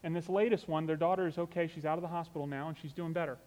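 A man's voice: on the high side, fairly even intonation, very fast, a little mellow, in a large hall. A man preaching a sermon in an earnest, conversational way, with casual asides as he tells a story.

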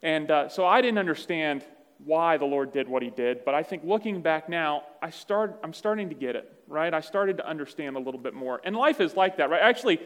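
Storytelling pastor in a reverberant church. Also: male voice, on the high side, animated, brisk. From Virginia, USA. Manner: conversational storytelling, self-deprecating. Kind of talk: sermon. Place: church sanctuary.

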